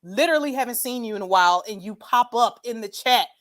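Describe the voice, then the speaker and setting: A woman hosting a casual livestream chat, reading viewer comments aloud, animated and quick to laugh, saying "y'all". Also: fairly high pitch. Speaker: livestream host.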